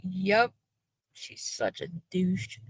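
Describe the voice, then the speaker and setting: A woman's voice: fairly low pitch, sing-song, drawn-out words, slightly rough, no echo, rough recording. A woman on a livestream, chatting in a blunt, profane, mocking way. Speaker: guest on a livestream. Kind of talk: casual gossip chat on a livestream.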